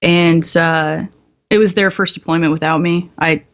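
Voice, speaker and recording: A woman's voice: fairly low pitch, steady tone, normal speed, dull audio. A woman guest on a podcast, telling stories in a candid, profane way and laughing often. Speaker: podcast guest, military veteran. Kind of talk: casual storytelling.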